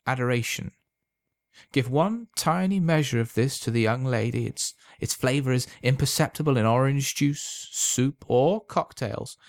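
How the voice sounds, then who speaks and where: A man voicing a sly, calm old man who sells love potions, speaking smoothly and unhurriedly in a quietly insinuating way. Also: mid-range voice, no room sound, pitched above the performer's own voice, close to an everyday voice. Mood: persuasive.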